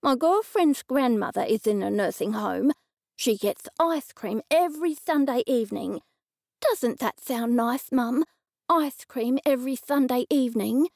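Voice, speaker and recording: A woman's voice: a little high, expressive, a little slow, vocal fry, a little mellow, no room sound, studio quality, heavily acted. A woman voicing a smug, patronizing grown son in an audiobook, coaxing his mother in a sing-song way.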